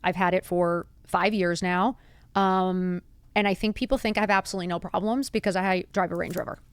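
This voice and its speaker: A woman's voice: brisk, clean tone, no room sound. A woman in her fifties hosting a podcast, talking candidly and bluntly to her listeners in a confiding way. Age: 50s. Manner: blunt, confiding, animated with laughs and high put-on quotes. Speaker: podcast host. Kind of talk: candid solo podcast talk.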